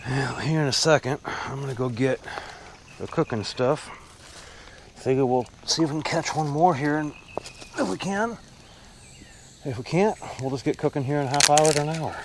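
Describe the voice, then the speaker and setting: A man's voice: a little high, moderate pace, creaky, long pauses, background noise. Laid-back male fishing vlogger, outdoors by a creek, plain casual talk.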